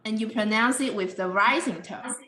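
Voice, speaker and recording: Woman teacher on a video call, bright voice, kinda echoey room, explains things slow and patient. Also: mid-range voice, slight background noise. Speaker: English teacher. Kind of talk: online English lesson.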